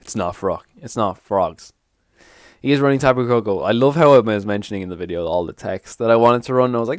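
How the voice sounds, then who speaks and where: A young man giving casual, animated commentary as he plays a card game on his channel, swearing and mocking himself. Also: on the low side, fast, dry recording, studio quality. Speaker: gaming YouTuber.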